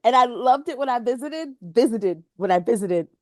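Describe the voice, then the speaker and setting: Animated high-voiced woman podcast co-host. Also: normal speed, dry recording, clean studio sound. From Pennsylvania. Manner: animated storytelling, laughs often. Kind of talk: casual chat.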